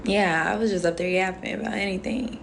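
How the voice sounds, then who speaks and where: Gravelly, chatty young woman on a phone livestream. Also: medium pitch, steady tone, a little fast, slight background noise. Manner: chatty and playful, heavy on fillers like "um" and "like". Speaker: reality show contestant on a livestream. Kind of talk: casual livestream chat, reading and answering viewer comments.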